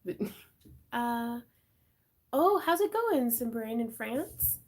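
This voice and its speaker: A woman's voice: fairly high pitch, very animated, slow. A woman hosting a live craft stream, chatting in a bubbly, giggly way with her viewers and her cat. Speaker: craft channel host.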